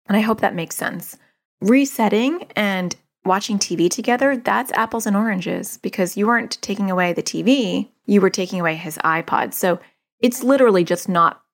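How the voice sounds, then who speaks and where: A middle-aged woman giving casual parenting advice to a listener, animated and often acting out what kids and parents say. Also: medium pitch. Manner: animated, acts out quoted voices of kids and parents. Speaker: parenting coach answering a listener.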